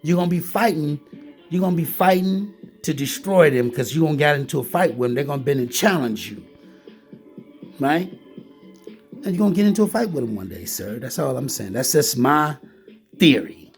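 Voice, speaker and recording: A man's voice: fairly high pitch, expressive, moderate pace, vocal fry, pauses often, faint music behind. A man delivering a heated, repetitive ranting monologue, talking straight at the listener and often calling him "man". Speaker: vlogger.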